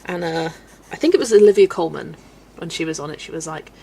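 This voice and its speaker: This woman talks fast in a low, gravelly, warm voice with a breathy edge. She's from Southwest England with a Wiltshire accent, and on her colouring live stream she chats self-deprecatingly, laughing frequently as she answers chat questions.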